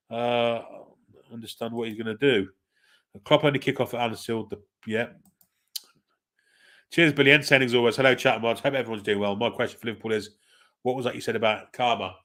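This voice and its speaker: A man hosting a live football watchalong, calling the play in a relaxed, wry way and chatting with viewers. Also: medium pitch. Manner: laid-back, chatty, wry. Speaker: watchalong host. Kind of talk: casual live match commentary, reading chat.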